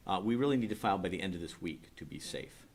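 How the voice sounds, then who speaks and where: Middle-aged man, very low voice, brisk and explanatory, public meeting presenter. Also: lively intonation. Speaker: utility staff presenting a rate request.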